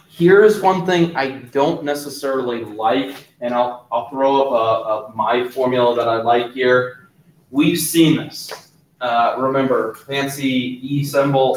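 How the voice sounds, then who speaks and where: Man, teacher, classroom lecture, unhurried, distant from the mic, echoey room. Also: mid-range voice. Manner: relaxed, checks in with the class often. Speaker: chemistry teacher.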